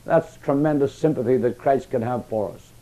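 A man preaching a sermon, passionate, with emphatic rises and hushed, quiet drops. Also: medium pitch, moderate pace, poor audio.

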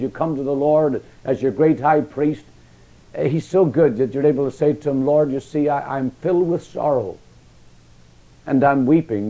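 A man preaching a sermon, passionate, with emphatic rises and hushed, quiet drops. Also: mid-range voice, rough recording.

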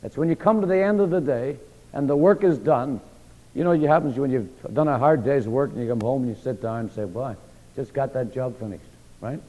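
A man's voice: medium pitch, fairly quick, dark tone. A male preacher delivering a sermon, quizzing his listeners with questions and driving points home through repetition. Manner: call-and-response questions, emphatic repetition. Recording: dull long-reverb church hall recording.

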